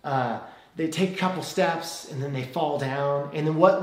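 Conversational preacher, echoey room. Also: male voice, on the high side, normal speed, darkish tone. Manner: conversational, with rhetorical "right?". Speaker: pastor. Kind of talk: sermon.

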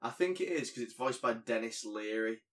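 Brief: male podcast co-host, mid-pitched, loose joking chat with lots of asides. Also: expressive, fairly bright tone. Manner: joking, rambling, quick asides. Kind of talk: casual chat.

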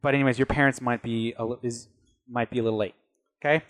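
A man's voice: medium pitch, fairly even intonation, fast talker, a bit bright. A man narrating as game master, rambling with many fillers.

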